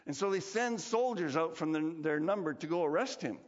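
Animated male pastor, echoing sanctuary. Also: fairly high pitch, a little fast. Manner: animated, conversational, acts out quotes. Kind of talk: sermon. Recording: dull recording, long hall reverb.

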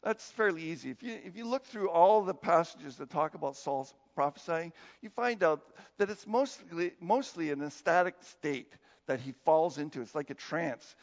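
With a voice on the high side and a normal speed, a man delivers a conversational sermon as pastor, frequently laughing and playing the people he quotes. The sound is dull and carries a long hall reverb.

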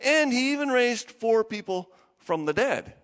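Casting: high-voiced, animated male pastor, chatty sermon with acted-out quotes, reverberant hall. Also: a little slow. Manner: conversational, acts out quotes with big pitch jumps.

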